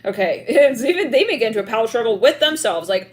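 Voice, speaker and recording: A woman's voice: on the high side, lively intonation, a little fast, hardly any pauses. Young woman, tarot reader, live stream, chatty and rambling, giggly, acts out scenes, faint background noise. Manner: heavy filler "like", rambling.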